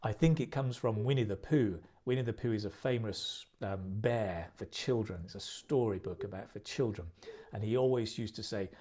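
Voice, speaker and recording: Man teaching English idioms slowly. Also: fairly low pitch, warm tone. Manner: slow, clear, repeats phrases for practice. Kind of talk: recorded video lesson.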